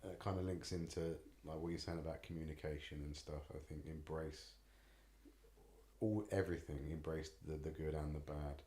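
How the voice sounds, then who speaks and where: An English father in casual podcast chat, speaking reflectively and hesitantly with many pauses. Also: very deep voice, steady tone, warm tone, roomy sound.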